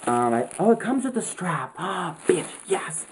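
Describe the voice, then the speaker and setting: A young woman vlogging with friends, excitable and swearing a lot. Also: on the low side, unhurried, noisy background. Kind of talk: casual vlog chat. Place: indoors with friends.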